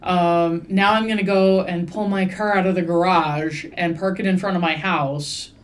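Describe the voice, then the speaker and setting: A woman's voice: on the low side, fairly even intonation, normal speed. Wry, rambling woman with a Midwestern lilt. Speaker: podcast host. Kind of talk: casual chat.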